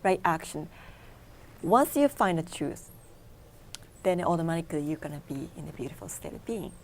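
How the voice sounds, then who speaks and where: A woman with a fairly low voice whose first language is Japanese, a guest on a television interview. She explains meditation practice step by step in simple, non-native English, with a faint hiss behind her. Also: sing-song, a little fast, gravelly, darkish tone. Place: local TV studio.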